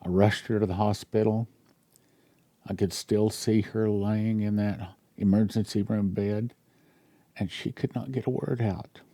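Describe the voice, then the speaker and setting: Gravelly earnest male pastor. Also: on the low side, fairly even intonation, unhurried, no room sound. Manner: earnest, grows emotional and quiet when telling a personal story. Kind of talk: sermon reading a dream account aloud.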